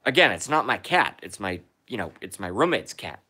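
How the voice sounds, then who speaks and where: A man's voice: lowish voice, very animated, moderate pace, bright, forceful tone, slightly rough. A man hosting a casual live stream from home, reading viewer comments aloud and answering them.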